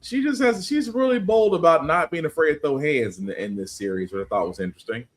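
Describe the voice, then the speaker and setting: A man co-hosting a podcast in relaxed chat. His pitch swings widely as he talks, and he laughs easily and often restarts his sentences while recapping comics. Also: fast talker. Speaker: podcast co-host. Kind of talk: casual comic-book review chat.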